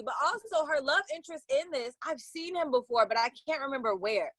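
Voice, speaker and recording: A woman co-hosting a podcast, chatting casually with slangy, animated storytelling. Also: high voice, normal speed, hardly any pauses, no room sound. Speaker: podcast co-host. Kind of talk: casual chat.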